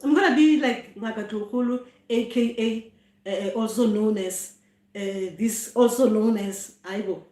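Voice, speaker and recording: A woman's voice: medium pitch, a little slow, mellow, roomy sound. A middle-aged South African woman, a traditional healer, chatting casually on a live stream and often exclaiming with laughter. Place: home room.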